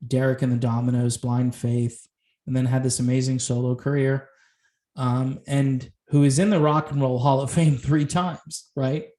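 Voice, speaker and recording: Male host, fairly high voice, chatty and animated, roomy echoey sound. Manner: chatty and animated, laughing often, with frequent rhetorical asides. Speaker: host of a music commentary channel. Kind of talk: casual video commentary.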